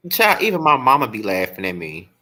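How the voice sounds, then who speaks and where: Houston-accented man host, lively storyteller, bright lively delivery. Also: a little fast. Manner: animated storyteller, swings high when quoting people. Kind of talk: casual chat.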